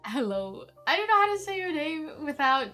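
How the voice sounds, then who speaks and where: A woman's voice: sits high, very animated, moderate pace, sharp tone, faint music behind. A young woman streaming as a vtuber, chatting casually to her viewers and rambling with lots of filler words. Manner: rambling, heavy use of "like" fillers. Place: home streaming setup.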